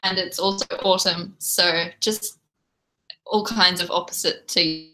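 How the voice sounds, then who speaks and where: A woman's voice: fairly low pitch, fairly even intonation, measured pace, pushed and bright. A young Australian woman with an Australian accent, chatting casually to viewers as a livestream host from home. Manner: chatty, reads and answers chat. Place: home room.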